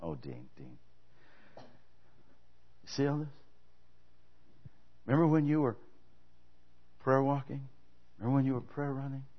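A preacher doing a gentle, tender Jesus. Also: male voice, medium pitch, very animated, unhurried, long pauses, muffled recording, pitched below the performer's own voice. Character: Jesus, gentle fatherly man praising a servant.

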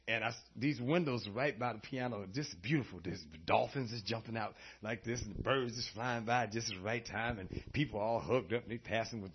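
Male preacher, gravelly, husky, animated storyteller, dull lo-fi recording. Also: mid-range voice, fairly quick, few pauses. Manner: animated storytelling, laughing often. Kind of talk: sermon.

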